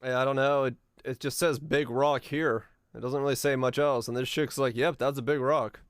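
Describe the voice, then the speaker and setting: A male streamer chats loosely while puzzling over where he is, thinking out loud and swearing now and then. His voice is smooth and resonant at a middle pitch. The sound is dry and close, with no room around it. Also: flat delivery, moderate pace, dry recording. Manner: laid-back, musing aloud, laughing often, swearing. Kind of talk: casual live-stream chat while playing a geography game.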